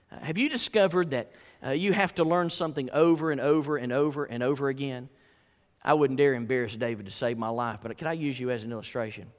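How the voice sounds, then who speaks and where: A man preaching a sermon, telling a story with folksy asides and repeated rhetorical questions. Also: medium pitch. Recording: echoey hall.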